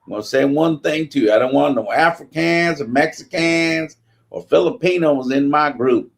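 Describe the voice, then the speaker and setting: A man's voice: on the high side, moderate pace, vocal fry, pitched above the performer's own voice. A man doing a brash, bossy young sailor. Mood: threatening. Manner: loud, threatening, bossy. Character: brash racist young male sailor from the Deep South.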